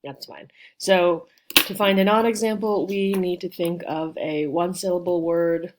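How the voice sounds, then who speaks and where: Chatty low-voiced woman teaching grammar. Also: steady tone, unhurried, noisy background. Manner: chatty and informal, with many fillers and asides. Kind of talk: casual online grammar lesson. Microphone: home webcam setup.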